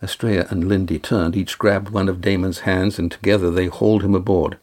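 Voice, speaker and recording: A man narrating an audiobook chapter in a steady, measured way. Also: deep voice.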